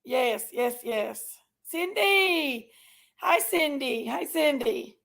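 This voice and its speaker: A woman's voice: high voice, expressive, very slow, vocal fry, fairly bright tone. A woman hosting a casual livestream, affectionately greeting viewers one by one by name and sometimes sounding tearful. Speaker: livestream host.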